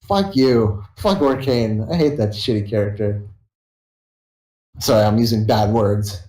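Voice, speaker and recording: A man's voice: on the low side, unhurried, a little mellow. Tired, rambling young man in an echoey room. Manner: tired, rambling, swears a lot. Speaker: YouTuber streaming to viewers. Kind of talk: rambling casual chat. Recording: roomy echo.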